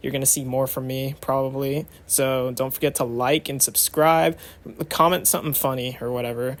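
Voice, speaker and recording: A man's voice: mid-range voice, little pitch movement, moderate pace. A young adult man giving casual vlog commentary, chatty and rambling with lots of fillers. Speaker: vlogger.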